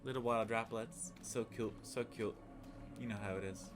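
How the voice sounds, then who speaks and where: A man's voice: fairly even intonation, moderate pace, music in the background. A young man hosting a let's play, chatting in a bubbly, playful way while he plays. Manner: bubbly and playful, swinging in pitch. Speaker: gaming channel host.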